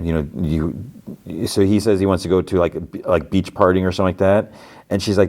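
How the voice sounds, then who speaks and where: A man's voice: low-pitched, fairly even intonation, brisk, warm tone. A man hosting a podcast, casually retelling TV episodes in a rambling way, full of fillers. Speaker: podcast host.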